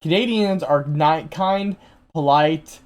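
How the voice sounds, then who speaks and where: A man's voice: on the high side, slow, darkish tone. A young man hosting a casual podcast, rambling with lots of "like" and restarts. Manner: rambling, heavy use of "like", restarts. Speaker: podcast host.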